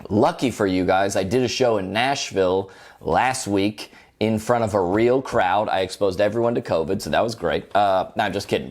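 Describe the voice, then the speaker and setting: A man doing roast-style stand-up comedy in a deadpan, mock-complaining, sarcastic way. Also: on the low side.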